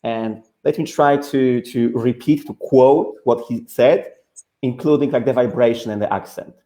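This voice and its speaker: A man whose first language is Polish hosts an online webinar in English. He tells stories in a loose, chatty way, peppered with "like". His voice is warm and mellow, at a middling pitch. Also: a little slow. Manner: chatty, leans on "like". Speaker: host, school founder. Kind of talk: casual webinar storytelling. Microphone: video call.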